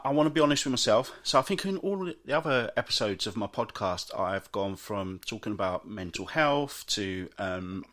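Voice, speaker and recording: A man's voice: medium pitch, fairly bright tone. A British man hosting a solo podcast, chatting and ranting about everyday moans. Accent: British English. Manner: chatty ranting, mocks moaners in put-on voices. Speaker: podcast host.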